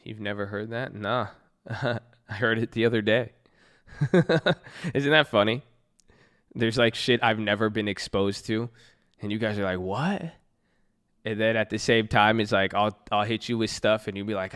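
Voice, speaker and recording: This live streamer, a young man from Southern California, sits at his computer indoors and reads out viewer messages in a casual, joking, slangy, profane manner. His voice is on the low side and fairly bright and clean, with a steady tone and measured pace.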